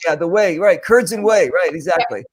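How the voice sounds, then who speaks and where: A man's voice: sits high, a little fast, slight background noise. A man hosting a casual video call cooking chat, upbeat and chatty, often repeating himself. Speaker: host.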